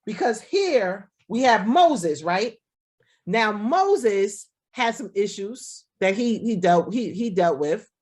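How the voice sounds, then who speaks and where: A woman pastor preaches a sermon over a video call, her pitch swinging up and down with lively intonation. She speaks slowly in a darkish, breathy voice, keeping it conversational with frequent "right?" and acting out the voices of the people she quotes.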